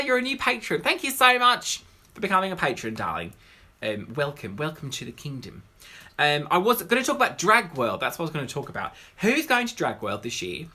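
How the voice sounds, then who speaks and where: A man's voice: a little high, pushed and bright. A man, a drag queen, hosting a casual livestream Q&A, rambling and greeting viewers by name.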